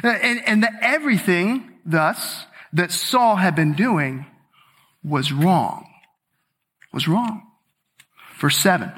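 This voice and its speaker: A man's voice: high voice, expressive, takes it slowly, a bit bright, husky, long reverb tail. A man preaching a sermon, who speaks with emphasis and repeats key words for weight.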